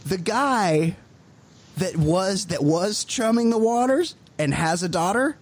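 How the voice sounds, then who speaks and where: A man co-hosting a comedy podcast, telling stories in an animated, profane way and laughing as he goes. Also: sits high, slow, husky. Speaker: podcast co-host. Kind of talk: casual comedic chat.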